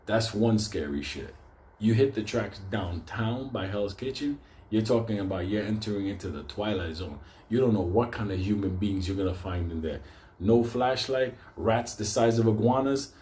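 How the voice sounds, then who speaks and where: A man with a New York accent telling a wild story with constant swearing, getting loud and excited at the scary parts. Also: fairly low pitch, moderate pace, roomy sound, a little hiss or hum. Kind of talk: profane comic storytelling.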